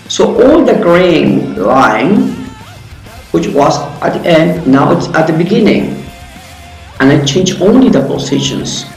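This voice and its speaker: A man teaching an English grammar lesson, explaining step by step in a friendly way with some phrasing. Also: on the high side. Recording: roomy echo with faint music.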